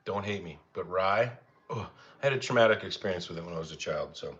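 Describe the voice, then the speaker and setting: Expressive and quick, with a fairly bright tone, a young man casually chats with viewers while cooking live, drifting from topic to topic. His voice goes up when he speaks to his dogs, and the recording has a slightly muffled lo-fi quality.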